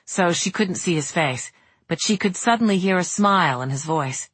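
A woman reading a novel aloud in steady audiobook narration. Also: fairly low pitch, normal speed, slightly rough, dry recording.

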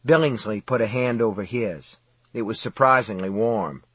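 A man reads a novel aloud in a measured, dramatic way. His voice is husky, and the recording is close and dry with no room sound. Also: on the low side, dry recording. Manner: steady, measured, dramatic reading. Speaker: audiobook narrator. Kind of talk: scripted narration.

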